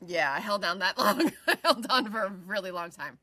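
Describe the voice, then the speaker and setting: Bright-voiced woman telling a story. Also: medium pitch, brisk. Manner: animated storyteller who swears and laughs often. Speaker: podcast co-host. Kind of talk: casual chat, personal storytelling.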